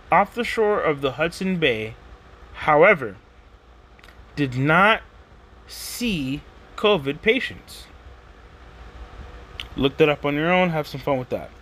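A man talking in a rambling, casual monologue as a podcast host. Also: a little high. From Texas. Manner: rambling, animated, conversational with slang.

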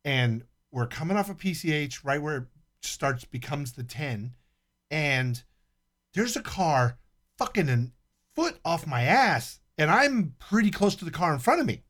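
A man's voice: fairly high pitch, very animated, unhurried, fairly bright tone. A man in casual podcast chat, talking bluntly, swearing freely, and laughing often.

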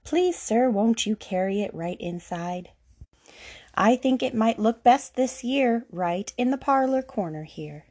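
A woman voicing an excitable, fussy rich gentleman in a storybook reading. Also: a little high, measured pace. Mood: delighted.

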